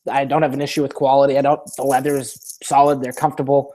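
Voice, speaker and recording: A man's voice: mid-range voice, little pitch movement, fast talker, dark tone. A man hosting a casual live-stream Q&A, reading viewer questions aloud and rambling through his answers with many restarts.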